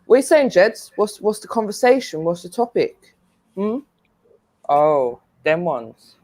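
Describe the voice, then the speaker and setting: A woman chatting casually as a guest on a stream. Her pitch swings a lot as she tells stories, and she laughs often. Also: a little slow. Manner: animated storytelling, laughs often. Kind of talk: casual group chat.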